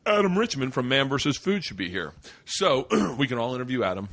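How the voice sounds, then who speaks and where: A man's voice: mid-range voice, very animated, brisk, fairly bright tone. A man in his forties hosting a podcast, telling rambling, profane stories and laughing his way through them. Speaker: podcast host. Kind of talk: casual storytelling.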